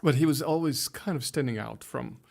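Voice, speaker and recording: In a conversational interview, a Hungarian pastor in his fifties speaks carefully in accented English, often starting over as he searches for words. His mid-range voice is brisk and gravelly, with a slightly mellow quality.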